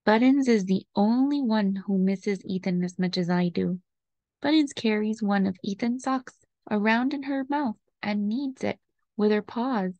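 Woman reading a picture book aloud, creaky. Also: medium pitch, a little slow, no echo. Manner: gentle, expressive storytelling. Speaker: storybook reader.

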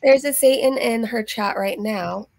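Young female streamer, casual and dismissive, gravelly tone. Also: a little high, measured pace, darkish tone, slight background noise. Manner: offhand, dismissive, rambling with fillers. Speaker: commentary streamer host. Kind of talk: casual live-stream chat.

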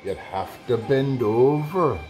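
Cheeky Irish leprechaun voiced by a man, high lilting brogue, slow and teasing. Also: expressive, a little mellow, soft background music. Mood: sly. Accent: put-on Irish. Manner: high sing-song brogue.

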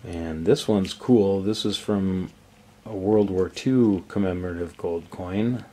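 A man's voice: low voice, takes it slowly. A man hosting a casual coin collecting vlog, chatty and enthusiastic as he shows his pieces. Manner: relaxed, chatty, enthusiastic about coins. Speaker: coin collecting channel host. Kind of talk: casual show-and-tell vlog.

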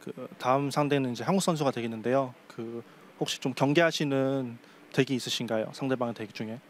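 Male interpreter, very fast, matter-of-fact relaying. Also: medium pitch, steady tone, a little hiss or hum.

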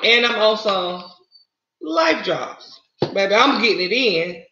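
A woman's voice: mid-range voice, animated, slow pace, slight background noise. A woman with a Southern US accent chatting casually on a livestream, greeting viewers and calling them honey and y'all. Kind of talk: casual live-stream chat. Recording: roomy, slightly dull lo-fi sound.

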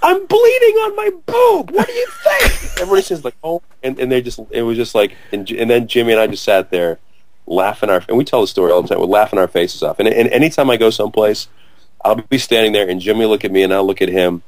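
Lively storytelling man, low voice. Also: fast, dry recording. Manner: excitable storyteller, acts out quotes loudly, laughs a lot. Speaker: actor interviewee. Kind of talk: animated anecdote telling.

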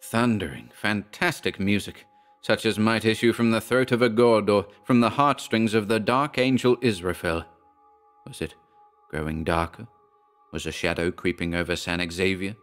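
Man, very deep voice, dramatic horror narration, measured, faint music behind. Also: fairly even intonation, a bit bright. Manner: measured, dramatic first-person storytelling. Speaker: audiobook narrator.

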